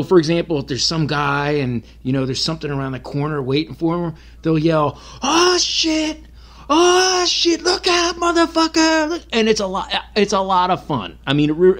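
A man co-hosting a podcast who tells crude, animated stories in casual chat. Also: fairly high pitch, a little fast, few pauses. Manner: animated, crude, laughing storyteller. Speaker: podcast co-host.

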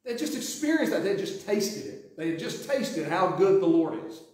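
Guy preaching a sermon, slightly high voice, super echoey sanctuary, lots of restarts. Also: sing-song, moderate pace, darkish tone. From Sweetwater. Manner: conversational preaching with many restarts and acted-out quotes. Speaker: pastor. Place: church sanctuary.

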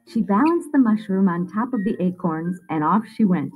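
A woman reads a children's story aloud with a lively, rising and falling voice. Soft music plays faintly behind her. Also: medium pitch, moderate pace, poor audio. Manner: expressive storytelling. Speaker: narrator.

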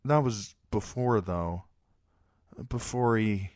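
A man's voice: lowish voice, takes it slowly, a little mellow, no room sound, studio quality, voice pushed up. A man voicing a shy, polite boy squire and young lord in a storybook reading, earnest and a little hesitant. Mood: awkward.

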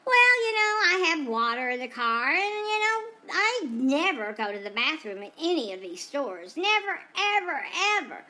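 A woman's voice: high-pitched, big pitch swings, moderate pace, few pauses, bright, forceful tone, full character voice. A woman voicing a chatty female dog who tells about her day in a rambling, gossipy way, full of asides. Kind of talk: first-person pet vlog narration.

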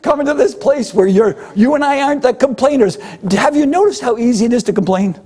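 An older man preaching a sermon, animated and humorous, sometimes acting out grumbling voices. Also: very high-pitched, fast. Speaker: pastor.

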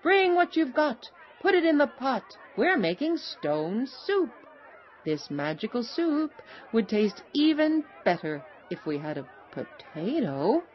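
A woman voicing a cheerful, boastful male traveling cook in an animated storybook, announcing in a showy, sing-song way. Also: mid-range voice, unhurried, hardly any pauses. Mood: cheery. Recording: slightly dull recording, faint noise.

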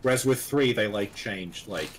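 A man's voice: fairly low pitch, animated, moderate pace, slight background noise. A man co-hosting a game stream, talking casually with a rambling manner and many fillers. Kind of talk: casual chat while gaming.

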